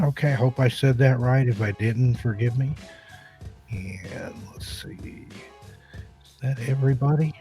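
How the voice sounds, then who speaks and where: A laid-back man hosts a casual live-stream chat. He welcomes viewers one by one in an unhurried, chatty way. Faint music plays behind him. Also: medium pitch. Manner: relaxed, greets viewers one by one. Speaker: host.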